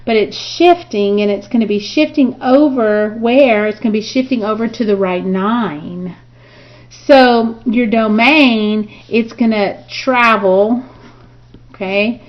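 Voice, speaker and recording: A woman's voice: medium pitch, unhurried, lo-fi sound. A woman teaching a math review lesson who talks through each step aloud and often checks in with "okay" and "right?". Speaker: math instructor.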